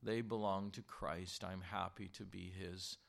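A man preaching a sermon, animated, asking the congregation rhetorical questions and slowing down to stress key words. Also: vocal fry. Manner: slows and drops low to stress key words. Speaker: pastor.

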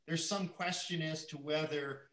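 A man's voice: fairly high pitch, fairly even intonation, unhurried, a bit bright, roomy sound, rough recording. A man teaching the Bible verse by verse, thinking aloud and often repeating his words as he goes.

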